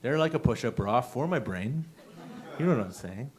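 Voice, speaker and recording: A man's voice: mid-range voice, animated, moderate pace, darkish tone. Self-mocking young man doing stand-up. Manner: chatty, self-mocking, laughs at own jokes. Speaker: stand-up comedian. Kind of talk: open mic stand-up set. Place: small comedy venue.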